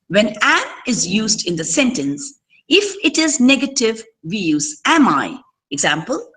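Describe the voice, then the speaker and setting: A woman giving an English grammar lesson, reading examples slowly and explaining some points in Kannada. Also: mid-range voice, fairly bright tone, rough recording. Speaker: English teacher. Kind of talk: classroom lecture.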